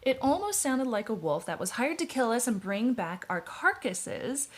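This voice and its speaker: Woman reading as nervous male pig, storybook, jumpy, whispery, higher pitch. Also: sing-song, normal speed.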